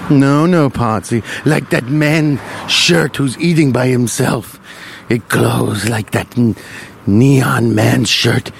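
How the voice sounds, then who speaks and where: A man voicing an exasperated, crude-mouthed mother scolding her children in a low, drawling tone. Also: takes it slowly, gravelly, few pauses, a little hiss or hum. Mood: weary.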